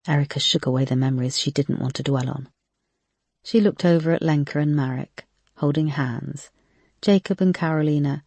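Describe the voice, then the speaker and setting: A woman narrating a mystery thriller novel in a steady, measured reading. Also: low-pitched, creaky, dry recording. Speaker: audiobook narrator.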